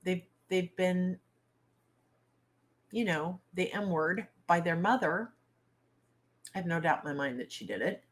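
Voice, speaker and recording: A woman's voice: fairly low pitch, lively intonation, measured pace, pauses often. A woman hosting a casual livestream chat, blunt and outspoken, with salty turns of phrase and questions thrown straight to her viewers. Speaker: author and livestream host.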